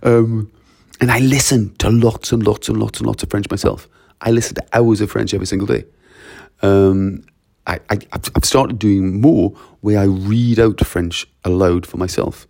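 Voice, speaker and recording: A man with a Geordie accent talks through his teaching methods in a casual monologue. His voice is very low and gravelly with a mellow, dark tone. He is emphatic and piles up point after point in brisk lists. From North East England. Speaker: language teacher.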